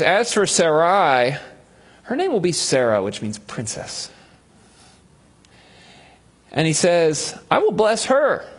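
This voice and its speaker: A male pastor preaching a sermon, telling a Bible story with humor and acting out the voices of its figures. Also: mid-range voice.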